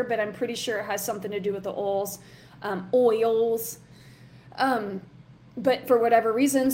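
A woman leads a live online workshop, chatty and encouraging. Her voice sits somewhat high. A faint noise runs under her talk. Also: darkish tone. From Southern US. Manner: chatty, encouraging, reads chat comments aloud. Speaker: coach, workshop host.

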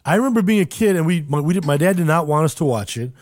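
A man co-hosting a comedy podcast, telling stories in a relaxed, chatty way. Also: fairly high pitch, fast talker, no echo. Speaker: podcast co-host. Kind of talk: casual comedic chat.

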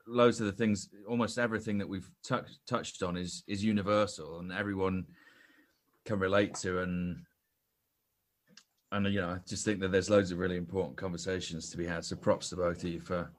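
A young man with a very low voice, chatting as a podcast guest. He spins a self-mocking anecdote, often restarting his sentences, close on a studio mic. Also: steady tone, fairly quick. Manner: self-deprecating storyteller with frequent restarts. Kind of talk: casual podcast chat, anecdote.

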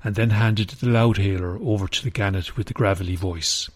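A man narrating a children's storybook in an even, gentle manner. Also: fairly low pitch, fairly quick, no echo, clean studio sound.

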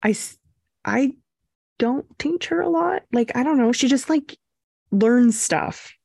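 A young woman co-hosting a podcast, telling a story in a casual, animated way and acting out quotes. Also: high-pitched, slow, creaky, breathy edge, dry recording, studio quality. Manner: animated, acts out quotes with swearing and laughs. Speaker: podcast co-host.

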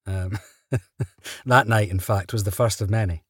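A man's voice: fairly low pitch, steady tone, unhurried, slightly rough, dry recording. Chatty man, dry close sound. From Britain. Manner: chatty, laughs often, restarts mid-sentence. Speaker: actor guest. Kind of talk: relaxed interview storytelling.

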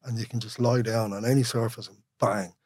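An Irish-accented musician, a guest in a casual conversational interview, rambles candidly, laughing often and swearing freely. He speaks briskly in a steady, medium-pitched, darkish voice.

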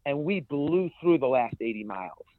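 Guy guest in an interview, energetic storyteller, dry tinny sound. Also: mid-range voice, moderate pace, no echo. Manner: energetic storyteller, many restarts. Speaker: guest, ultrarunner. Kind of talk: conversational interview.

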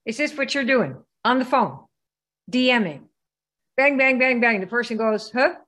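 A woman's voice: fairly high pitch, expressive, a little slow, fairly bright tone. Rhetorical woman quizzing her audience. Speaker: business trainer. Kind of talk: live training presentation.

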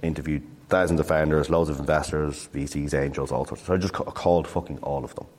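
A man's voice: a bass voice, fairly even intonation, fast talker, darkish tone, in a large hall. A man in his thirties, a startup founder telling his story in a casual, rambling interview chat full of swearing.

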